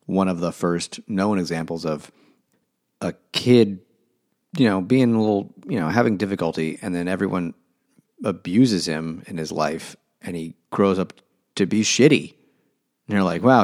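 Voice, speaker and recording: A man's voice: deep voice, darkish tone. A man in casual book talk, rambling and sarcastic, mocking characters as he goes. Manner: rambling, sarcastic, mocks characters in silly voices.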